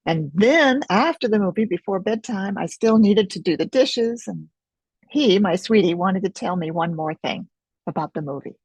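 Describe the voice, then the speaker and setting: Woman, middle-aged, husky voice, dry close sound, gentle reflective teaching webinar. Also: medium pitch, animated, no echo. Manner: gentle, reflective, unhurried with pauses. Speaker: Focusing teacher.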